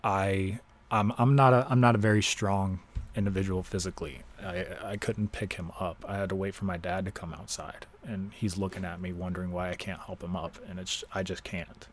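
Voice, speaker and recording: A young man from Ohio hosting a podcast, telling a personal story in a casual, halting way and swearing freely. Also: deep voice, fairly even intonation. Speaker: podcast host.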